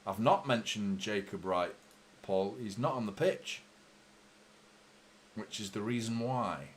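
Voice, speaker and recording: A man hosting a live football watchalong, chatting casually and swearing freely, quickly heated and exasperated by mistakes. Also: on the low side, slight background noise. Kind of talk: live match commentary and chat.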